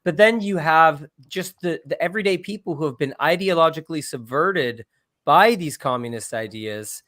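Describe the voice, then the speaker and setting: A man co-hosting a casual political talk stream, explaining in a measured way. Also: a little high, expressive, fairly bright tone, no room sound, studio quality. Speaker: co-host.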